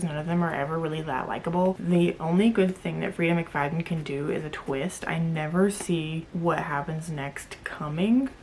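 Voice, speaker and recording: Blunt, gravelly young woman vlogger. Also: on the low side, darkish tone, a little hiss or hum. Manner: blunt, opinionated, chatty with frequent laughs. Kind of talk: casual chat to camera.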